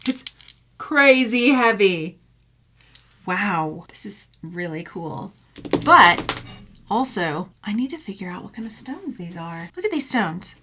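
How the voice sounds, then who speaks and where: A woman's voice: mid-range voice, very animated, slow pace, noisy background. A woman from Texas, a thrift jewelry reseller, chatting playfully through an unboxing vlog with jokey asides and silly sound effects.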